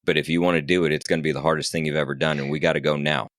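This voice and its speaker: A man with a very low voice tells a race story, casual and lively. He plays out each quoted line and drops the odd curse. The sound is dry and close. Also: very fast, dry recording. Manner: animated, acts out quoted dialogue, swears casually. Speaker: podcast guest, ultrarunner.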